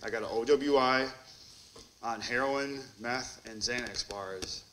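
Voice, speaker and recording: Man, Wisconsin, treatment court graduate; bright tone, rambling storyteller who acts out the quotes. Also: mid-range voice, a little slow, slight background noise, low-quality recording. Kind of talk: personal recovery testimony.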